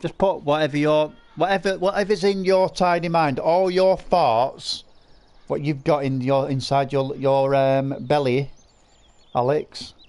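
A man streams a farming game live, reading out his chat and mocking viewers with crude, jokey banter. His voice sits a touch higher than most men's, and he talks loosely, laughing between lines. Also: fairly even intonation, a little slow, a little mellow.

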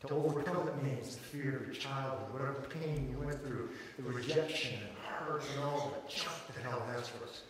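A middle-aged man preaching a sermon as a pastor, telling stories dramatically and swinging from hushed passages to shouted peaks. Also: mid-range voice, normal speed, hardly any pauses, slight background noise. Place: large church auditorium. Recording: echoey hall from far off with crowd.

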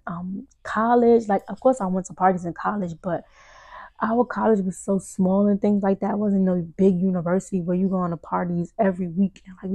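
Gravelly-voiced woman podcast host, casual. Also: medium pitch, no echo. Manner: animated storyteller, acts out her own quotes, says "y'all" and "like" a lot. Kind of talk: casual testimony to listeners.

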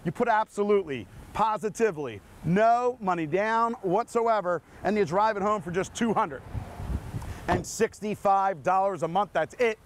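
High-pitched man pitching cars live from an outdoor lot with faint street noise. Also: moderate pace. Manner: energetic, repetitive hard-sell patter. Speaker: car dealership pitchman.

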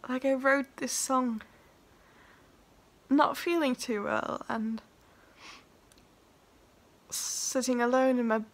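A woman's voice: high voice, steady tone, slow, long pauses. A young woman vlogging about her first song, tearful and laughing, overwhelmed with emotion. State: crying. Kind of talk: emotional personal vlog.

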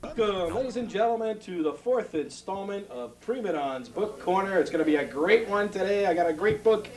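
A man with a slightly high voice hosts a comedy book segment, eager and showy in his delivery. He sounds a little back from the mic. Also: lively intonation, a little fast, a little mellow, far from the mic. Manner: eager, showy, exasperated with partner. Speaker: segment host. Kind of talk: comedy sketch, hosting and reading aloud.

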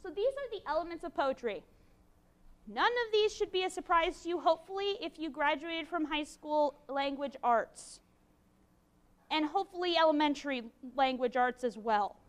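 A woman teaching a college class, lively and encouraging, with a playful manner. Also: high voice, normal speed. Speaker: university lecturer. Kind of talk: classroom lecture.

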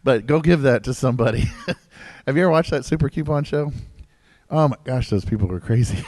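A mid-pitched man in his thirties preaching a sermon to his congregation, jumping from loud, stressed lines to quiet, low asides. He jokes with the people in front of him. The recording is close and dry. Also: expressive, brisk, dry recording. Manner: conversational and joking, with asides to the congregation; wide swings between loud emphasis and low asides. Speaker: pastor. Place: church sanctuary.

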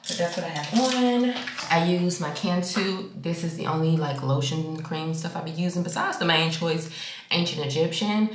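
A woman's voice: on the low side, normal speed, slight background noise. A woman chatting casually to her viewers in a hotel room vlog, frank and profane, calling them y'all and friend. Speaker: vlogger. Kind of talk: casual vlog chat to camera.

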